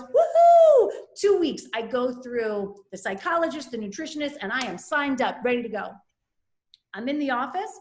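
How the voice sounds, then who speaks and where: A middle-aged woman telling a candid personal story with animated energy, acting out the voices of people she quotes. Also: fairly high pitch, roomy sound.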